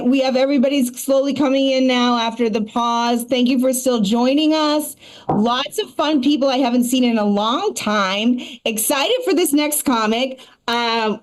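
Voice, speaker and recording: A woman performing a stand-up comedy set and hosting a live show, talking in a quick, chatty way full of asides. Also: on the high side.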